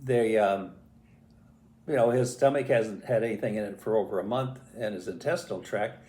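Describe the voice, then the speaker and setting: An older man tells a family story in a relaxed, lively way, doing voices and sound effects along the way. His voice is fairly low and his pace moderate, and the recording has a roomy echo.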